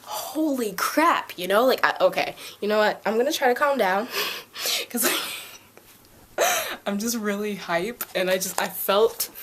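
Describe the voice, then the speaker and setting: A young woman talks straight to camera from her couch at home, recapping a show in a casual vlog. She gushes and bubbles over with excitement, and "like" runs through every sentence. Her voice sits at an ordinary middle pitch for a woman. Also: moderate pace, pauses often. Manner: gushing, excitable, heavy use of "like". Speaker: video reviewer.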